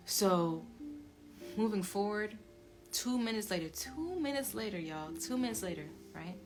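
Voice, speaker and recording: A woman tells her own story to viewers, her low voice dropping to a hush and then rising loud as she repeats phrases. She curses freely and talks animatedly. Music plays clearly behind her. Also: expressive, normal speed. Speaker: commentary channel creator telling her story. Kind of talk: emotional personal storytelling to viewers.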